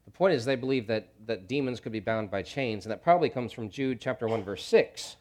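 A man preaching a sermon, swinging from hushed low lines to loud shouts, with jokey asides. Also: expressive, a little fast. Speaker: pastor.

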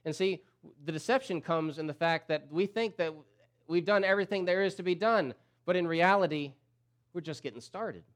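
A man preaching a sermon as pastor, repeating key phrases and swinging from loud emphatic peaks to low, quiet drops. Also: moderate pace.

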